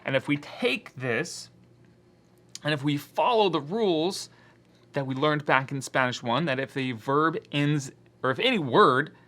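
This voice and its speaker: Teaching his class a Spanish grammar lesson, a man explains patiently and voices the objections students might raise. His medium-pitched voice sounds pushed and bright.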